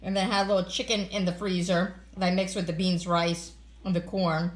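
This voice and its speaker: A woman's voice: fairly low pitch, flat delivery, brisk. A woman casually talking through the family meals she cooked for a home vlog, easygoing and full of little fillers. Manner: chatty, easygoing, lots of fillers. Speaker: family vlogger. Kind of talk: casual cooking vlog chat. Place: home, partly outdoors.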